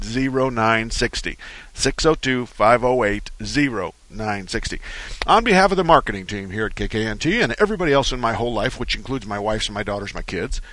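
A man's voice: medium pitch, pushed and bright, no room sound. A man hosting a talk radio car show, rambling through folksy stories in a studio. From Arizona. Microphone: studio microphone.

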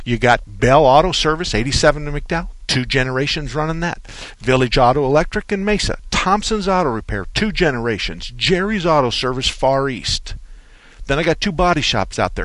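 A man hosting a call-in radio show, telling stories in a folksy, joking way with chuckles and quick asides. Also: medium pitch, lively intonation, fairly bright tone, dry recording.

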